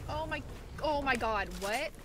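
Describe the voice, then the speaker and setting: A woman streaming a shooter game, chatting casually, swearing a lot and yelling when she wins. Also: sits high, measured pace, very noisy. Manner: excitable, swears a lot, yells when winning. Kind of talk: casual gaming chat. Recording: loud game music behind.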